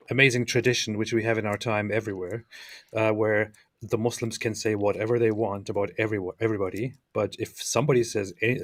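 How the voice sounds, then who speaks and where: A man co-hosting a talk stream, explaining at length with many fillers and pauses. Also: fairly low pitch, no echo, studio quality. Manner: halting, many fillers, laughs often. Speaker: co-host. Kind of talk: casual talk commentary.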